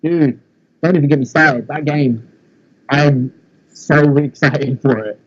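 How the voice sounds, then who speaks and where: A man's voice: a little high, steady tone, takes it slowly, muffled recording. A man from England with a London accent, laid-back and casually swearing in a chat. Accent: London English.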